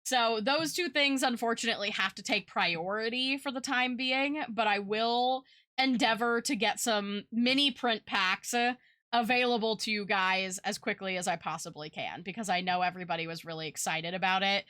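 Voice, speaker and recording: A woman's voice: medium pitch, moderate pace, bright, forceful tone, no echo, studio quality. A young woman streamer and artist chatting casually, rambling with lots of fillers and little laughs. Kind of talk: casual chat.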